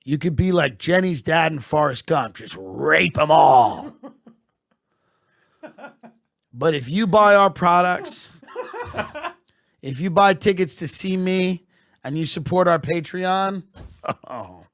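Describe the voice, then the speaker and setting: A man delivering a satirical comedic monologue in a mock-patriotic, deadpan manner that swells into shouted bursts. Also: fairly high pitch, slow pace, gravelly, long pauses, dry recording.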